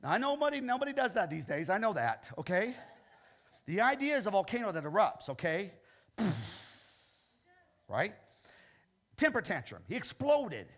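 An older male pastor delivering a sermon, animated and quick to laugh. His husky voice sits high and bright. His pitch climbs and drops widely as he preaches. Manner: animated, repeats "okay?" often, laughs between lines.

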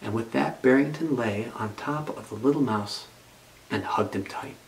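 A man's voice: mid-range voice, moderate pace, creaky, a little hiss or hum, low-quality recording. A male pastor telling a children's story as part of his sermon, reading it aloud expressively.

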